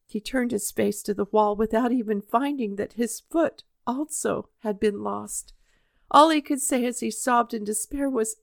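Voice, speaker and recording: A woman reading a children's story aloud in a measured, expressive way. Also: on the high side, gravelly, dry recording, clean studio sound.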